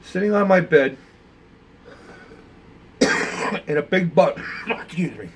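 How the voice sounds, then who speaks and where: A man's voice: sits high, animated, takes it slowly, a little hiss or hum. An older man telling a casual, rambling story about building model ships, with plenty of fillers. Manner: rambling, conversational, with many fillers.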